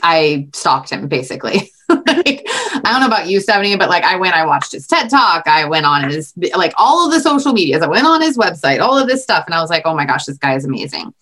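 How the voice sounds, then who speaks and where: A woman's voice: on the low side, sing-song, a little fast, pushed and bright. A woman co-hosting a podcast, telling stories in a gushing, enthusiastic way with lots of "like". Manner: gushing, enthusiastic storytelling with frequent "like". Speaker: podcast co-host. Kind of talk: casual podcast chat.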